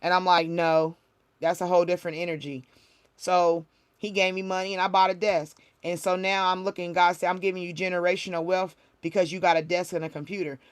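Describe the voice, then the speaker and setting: A woman's voice: on the low side, flat delivery, a little fast, smooth. Woman sharing a heartfelt spiritual testimony. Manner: emotional, repetitive, heartfelt storytelling with many restarts. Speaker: spiritual reader, livestream host. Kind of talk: casual livestream testimony.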